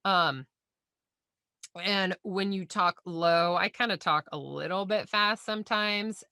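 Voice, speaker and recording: A woman's voice: mid-range voice, slow pace, sharp tone, dry recording, clean studio sound. A woman hosting a solo podcast, chatty and encouraging as she gives sales coaching.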